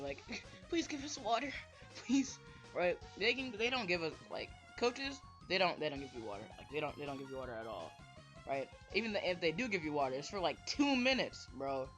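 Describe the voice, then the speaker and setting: A man ranting casually to camera, rambling and tagging his sentences with "bro" and "right?". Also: fairly high pitch. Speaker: vlogger. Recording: dull lo-fi mic with faint music.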